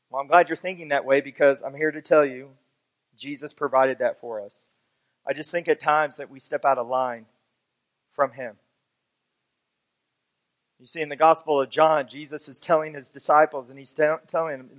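A pastor delivering a sermon in a notably high, bright male voice. He reads scripture passages aloud, then works through them for his listeners, building from a steady teaching tone into fervent preaching.

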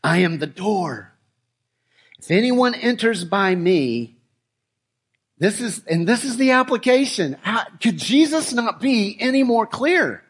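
A middle-aged man preaching a sermon, shifting from relaxed storytelling to slow, emphatic declarations. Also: extremely high pitch, slightly rough. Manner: conversational storytelling that builds to emphatic, slowed declarations. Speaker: pastor.

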